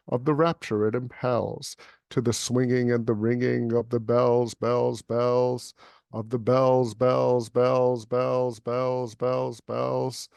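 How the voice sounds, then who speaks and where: A man's voice: mid-range voice, vocal fry, a little mellow, dry recording. Man reciting poetry over a dry call. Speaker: poet reading at a livestream event. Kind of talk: dramatic poetry recitation, then casual chat.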